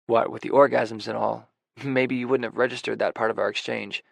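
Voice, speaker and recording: Gravelly, dry-voiced male audiobook narrator. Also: medium pitch, flat delivery, fairly quick, no echo. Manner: soft, introspective, self-deprecating. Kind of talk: first-person romance audiobook narration.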